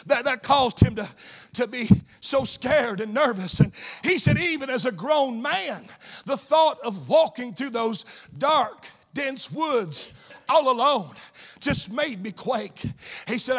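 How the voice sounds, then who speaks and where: A man preaching a sermon, telling a story and building into fervent shouts. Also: extremely high pitch, lively intonation, takes it slowly.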